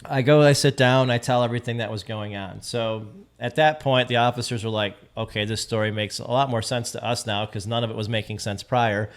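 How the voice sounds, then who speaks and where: A man's voice: medium pitch, fairly even intonation, a little fast, hardly any pauses. A man with a Michigan accent, a podcast guest telling a personal story in casual conversation, earnest and prone to repeating his words.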